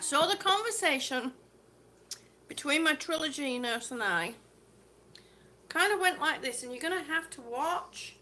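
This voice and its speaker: On a livestream, a woman chats while out on a walk, rambling and laughing often and calling herself a waffler. Her high voice is bright and forceful. Background music plays behind her.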